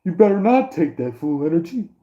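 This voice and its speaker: A man putting on a high, fake-sounding voice to play a bossy busybody who warns people away. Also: very animated, fairly quick, mellow, lo-fi sound. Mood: scolding.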